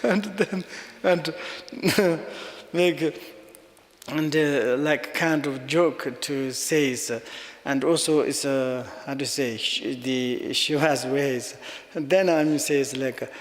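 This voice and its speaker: Slow-spoken man teaching in a reverberant hall. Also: mid-range voice, steady tone. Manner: non-native English, halting phrasing, chuckles while telling jokes. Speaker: Buddhist teacher. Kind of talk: dharma teaching talk.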